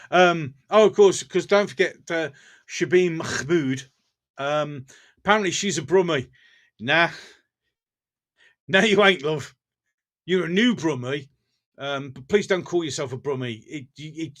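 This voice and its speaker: A man's voice: on the high side, measured pace, long pauses, fairly bright tone. A man with a Birmingham accent hosting a casual live stream, chatting bluntly with viewers, often laughing between remarks and going off on rants. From England.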